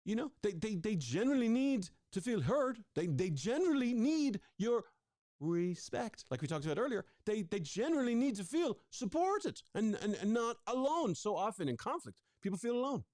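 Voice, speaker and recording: Energetic man teaching a live workshop. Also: sits high, normal speed, dry recording, clean studio sound. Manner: energetic, repeats words, asks the audience. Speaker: relationship coach presenting a workshop. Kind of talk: live online workshop talk.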